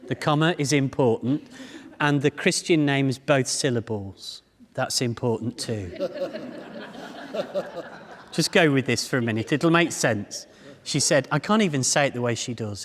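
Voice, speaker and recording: A man's voice: mid-range voice, normal speed. A man in his fifties giving a public talk, telling humorous stories and speaking straight to the audience. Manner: humorous storytelling, addresses the audience directly. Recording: long reverb of a hall.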